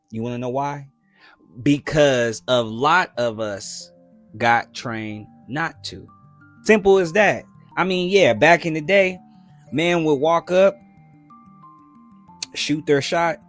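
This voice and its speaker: A man giving social commentary in a measured, explanatory way. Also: mid-range voice, a bit bright.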